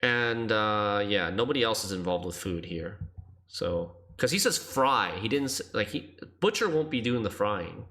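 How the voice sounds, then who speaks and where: Brief: man, game streamer, chatty and bright, talks through puzzles aloud. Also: on the low side, animated, a little slow. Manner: chatty, thinks aloud, laughs easily. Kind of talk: casual game commentary.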